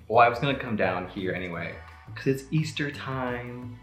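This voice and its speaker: A man's voice: medium pitch, expressive, moderate pace, fairly bright tone. A young man chatting casually to camera as a vlogger, rambling with lots of fillers. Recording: echoey room with faint music.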